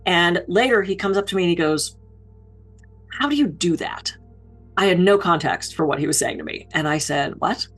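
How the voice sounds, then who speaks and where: A woman keynote speaker giving public speaking advice in an expressive, down-to-earth, conversational way. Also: on the low side, fast, few pauses, faint music behind.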